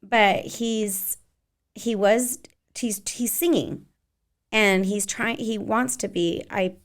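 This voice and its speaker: A woman in her forties talks about teaching dance in a loose, rambling way. She fills pauses with ums and you-knows. Her pitch sits in an ordinary middle range. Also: fairly even intonation. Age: 40s. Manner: chatty, rambling, many fillers. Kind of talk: casual interview chat.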